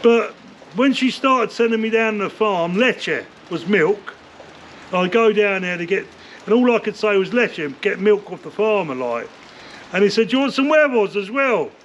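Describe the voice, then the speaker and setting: An older man spins long, rambling stories in an interview, swearing freely and leaning on "like" and "you know." His voice sits high for a man. The recording is dull and lo-fi, with a faint hiss behind it. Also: expressive, normal speed, a bit bright. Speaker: interview guest, former bare-knuckle fighter. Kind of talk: casual storytelling interview. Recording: dull lo-fi sound with faint noise.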